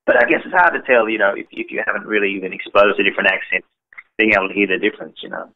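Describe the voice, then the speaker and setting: A man's voice: fairly low pitch, very fast, no room sound. A man from Australia with an Australian accent, a musician chatting casually as an interview guest over the phone. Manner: chatty, laughing easily, multitasking. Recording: tinny dry phone line.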